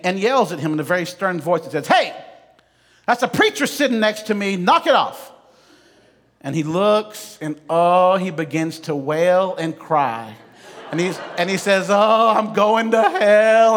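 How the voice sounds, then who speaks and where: Man, pastor, sermon, storytelling with jokes, high-pitched, long church reverb. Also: fairly bright tone. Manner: storytelling, humorous asides to the congregation. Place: church sanctuary.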